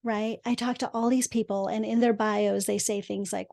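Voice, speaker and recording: A middle-aged woman with a fairly high voice, chatting as a guest on an interview show. She speaks emphatically, her pitch and volume leaping up to stress a point and then settling back down. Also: moderate pace, vocal fry. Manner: emphatic, with lively swings in pitch and loudness. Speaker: guest, real estate investor and podcast host. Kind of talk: casual interview chat.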